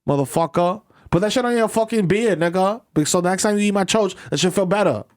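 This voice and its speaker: Brief: man putting on a furious New York actress, bossy and insulting, pushed high. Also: quick pace, lightly acted. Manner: berating, insulting, barking orders. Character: foul-mouthed furious actress woman, domineering.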